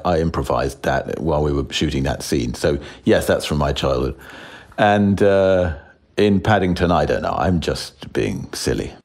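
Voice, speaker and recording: A man in his sixties, an actor talking as a guest in a casual interview, self-deprecating with frequent chuckles and restarts. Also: deep voice.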